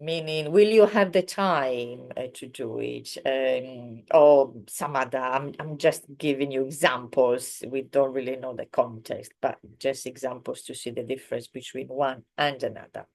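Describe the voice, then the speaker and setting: Low-voiced woman teaching language. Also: darkish tone. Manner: explains slowly with many fillers, acts out example sentences. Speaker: Italian teacher. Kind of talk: online language lesson.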